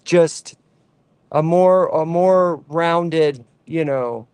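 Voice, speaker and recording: A man's voice: a little high, very slow, a little mellow, clear, resonant tone, no room sound. A man speaking as an advocate for truck drivers, in an impassioned direct-to-camera rant, fervent and preachy, repeating lines for emphasis.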